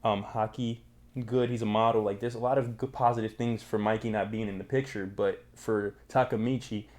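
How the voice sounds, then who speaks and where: Slangy, energetic young man recapping manga. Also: on the low side, a little fast. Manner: slangy, energetic, with many fillers. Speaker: manga review host. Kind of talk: casual chat, recapping a manga.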